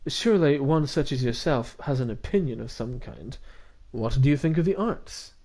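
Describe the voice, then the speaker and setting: A man's voice: medium pitch, lively intonation, normal speed, dark tone. A man voicing a haughty aristocratic young male bird student in a visual novel, speaking in a pompous, formal, disdainful manner. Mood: aloof.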